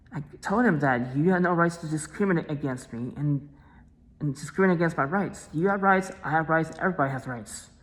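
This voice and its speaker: A woman's voice: low-pitched, big-room sound, low-quality recording. A woman vlogger talking casually to the camera, repeating herself and restarting phrases, insistent and aggrieved.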